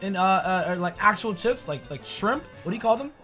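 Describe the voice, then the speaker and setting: A man bantering over a video game, excitable, goofy and teasing his co-host. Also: high voice, a little fast, faint music behind. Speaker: gaming co-host. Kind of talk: casual gameplay banter.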